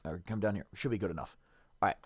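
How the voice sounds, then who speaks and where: A man's voice: sits low, very fast, no room sound. A man streaming a game, casually thinking aloud and correcting himself as he reads and works things out. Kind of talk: casual gameplay commentary.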